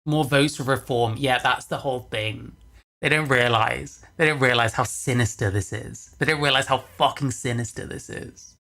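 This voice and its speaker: Guy on a livestream ranting, swears nonstop, repeats himself to drive it home, mid-pitched voice. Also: moderate pace, sharp tone. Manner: profane, exasperated, repeats phrases for emphasis. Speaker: livestreamer reacting to videos. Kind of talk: angry casual livestream rant.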